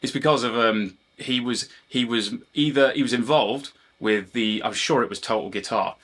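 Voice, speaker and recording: A man's voice: medium pitch, moderate pace, fairly bright tone. A man, a guitar teacher and channel host, chatting casually to camera, wandering off topic and apologising for it. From Britain. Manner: digressive, self-deprecating, often apologises for rambling. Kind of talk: rambling casual chat to camera.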